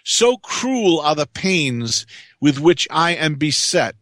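A man reading the lines of Adam, an aged first man in pain, slow and imploring in archaic speech. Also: on the high side, very animated, a bit bright, no room sound, studio quality, exaggerated voice. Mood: suffering.

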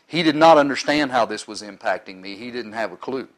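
A man's voice: mid-range voice, animated, a little fast, low-quality recording. A middle-aged man in ministry giving an earnest, sometimes emotional personal testimony to a live audience.

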